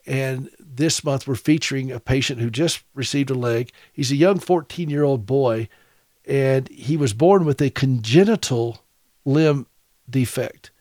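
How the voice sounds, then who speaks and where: A man's voice: medium pitch, measured pace, a little mellow, dry recording, studio quality. Folksy middle-aged male radio host. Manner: folksy, chuckling storyteller. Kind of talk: casual monologue, storytelling.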